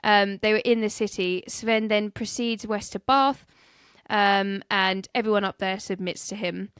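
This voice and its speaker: A woman's voice: medium pitch, flat delivery, a little slow, a bit bright, smooth, dry recording, clean studio sound. A woman co-hosting a casual history podcast, joking, laughing and stumbling over names. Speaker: podcast co-host.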